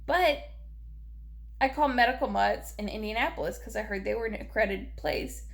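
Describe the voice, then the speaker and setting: A young woman, talking in a personal vlog about her grief, halting and repeating herself, short on sleep. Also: a little high, vocal fry. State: grieving, lacking sleep. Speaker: vlogger.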